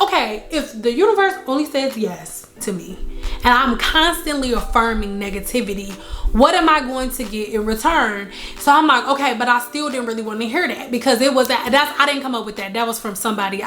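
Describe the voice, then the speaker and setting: Emphatic woman vlogger, higher voice. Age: adult, married. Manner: emphatic, repeats lines for stress, animated storytelling. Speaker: spiritual vlogger. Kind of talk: casual spiritual talk to camera.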